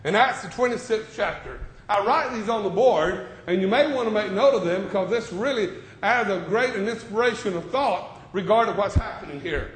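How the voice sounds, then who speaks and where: A male preacher delivering a sermon in a church classroom, talking conversationally, then loud, then quiet. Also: sits high, lively intonation, moderate pace, few pauses, echoey room.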